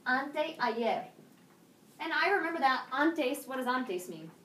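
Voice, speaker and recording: A woman teaching a high school Spanish class, drilling students with call-and-response prompts in English and Spanish. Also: animated, measured pace, fairly bright tone. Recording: echoey classroom from far off, faint noise.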